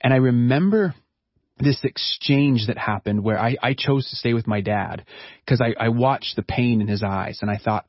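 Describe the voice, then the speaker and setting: A middle-aged man, a counselor, telling a personal story in an interview in an earnest, reflective way with halting restarts. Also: medium pitch, dry recording, lo-fi sound. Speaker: counselor and guest.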